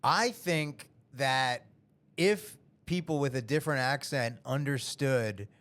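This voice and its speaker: A man's voice: mid-range voice, slow pace, fairly bright tone. A man comedian talking candidly and easily in a casual podcast chat. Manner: candid, easygoing, laughs often.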